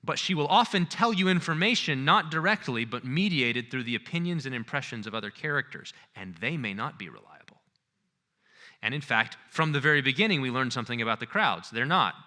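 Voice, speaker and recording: A male lecturer giving a conference talk in an animated, conversational way, acting out scenes as he goes. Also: mid-range voice, fairly quick.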